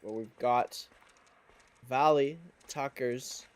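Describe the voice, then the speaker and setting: A man casting an esports match with energetic, joking play-by-play commentary. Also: mid-range voice, extremely slow, background noise. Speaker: esports caster.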